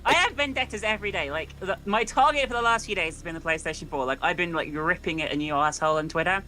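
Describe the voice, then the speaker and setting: Fast-talking, ranting woman gamer. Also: lowish voice, over a noisy crowd, rough recording. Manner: rapid, ranting, sarcastic. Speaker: co-streamer guest. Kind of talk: live gameplay chat.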